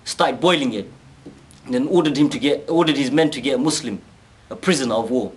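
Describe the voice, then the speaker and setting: A man casually retelling a story, animated, acting out quoted speech and often restarting his sentences. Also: medium pitch, fairly quick.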